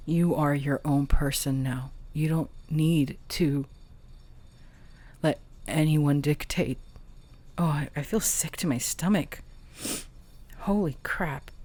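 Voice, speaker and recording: A woman with a low voice gives a tarot reading at an unhurried pace. She speaks softly and emotionally, pausing and hesitating as she goes. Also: steady tone. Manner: slow, soft, emotional and halting. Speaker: tarot reader and channeler.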